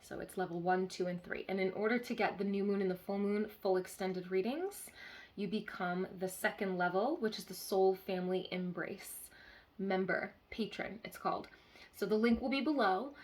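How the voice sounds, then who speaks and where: A woman's voice: medium pitch, normal speed. A woman giving a live-streamed channeled card reading as a spiritual healer, earnestly repeating key phrases and checking in with listeners.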